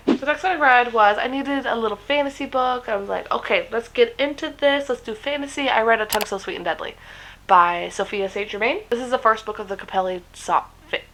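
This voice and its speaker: A woman's voice: medium pitch, fairly bright tone, rough recording. A woman reviewing books in a casual chat, gushing, swearing freely and filling gaps with "like". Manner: chatty and gushing, swears freely, many fillers. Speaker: book vlogger.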